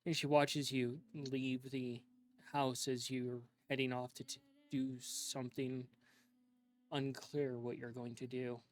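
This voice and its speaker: A man slowly narrating a dark scene as game master of a tabletop role-playing game, in a hushed, drawn-out storytelling manner. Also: mid-range voice, level tone.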